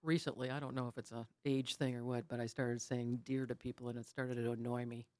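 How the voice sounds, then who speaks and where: A woman's voice: rumbling low, level tone, fairly quick, mellow. A woman co-hosting a casual chat, teasing her partner and cutting in. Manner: teasing, interjecting, laughing.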